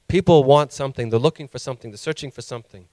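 A man's voice: medium pitch, very fast, dark tone, no echo. A male pastor preaching a sermon with impassioned emphasis that rises to emphatic peaks.

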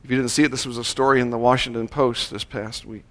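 Male pastor, mid-pitched voice, deliberate sermon delivery that leans on key words. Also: level tone, fairly bright tone. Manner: measured, slowing down to stress key words. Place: church service.

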